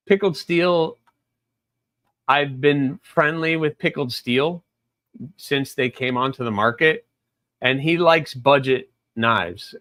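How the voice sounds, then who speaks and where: A man co-hosting a live chat, laid-back and halting, often searching for his words. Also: mid-range voice, fairly bright tone, no room sound. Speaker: co-host and knife sharpener.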